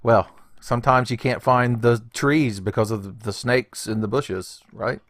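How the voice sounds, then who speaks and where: A man's voice: medium pitch, fairly even intonation, measured pace, dry recording. Joking man rambling through game commentary. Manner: joking, rambling, laughs often, swears casually. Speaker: gaming channel host. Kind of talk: let's play commentary.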